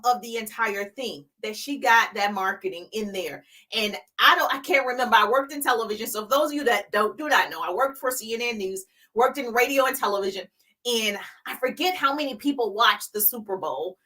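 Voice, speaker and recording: A woman's voice: fairly high pitch, sharp tone, low-quality recording. A middle-aged woman business coach giving an emphatic, hyped live-streamed pep talk, chatty and laughing between points.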